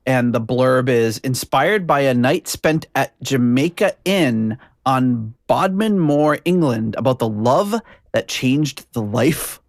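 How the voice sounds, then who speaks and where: A man's voice: mid-range voice, lively intonation, slow pace, no echo. Man, podcast host, casual chat, hesitant fillers, dry close sound.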